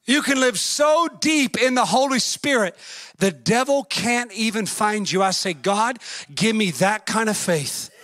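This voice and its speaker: Fervent high-voiced preacher man. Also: lively intonation, a little slow, no room sound. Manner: fervent, rising to shouts and singsong; acts out story voices, folksy grammar. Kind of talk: sermon.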